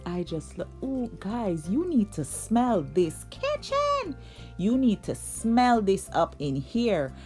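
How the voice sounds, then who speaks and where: Slow, chatty woman. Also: lowish voice, dark tone. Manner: upbeat, chatty, drawn-out words. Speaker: cooking channel host. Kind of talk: casual cooking vlog narration.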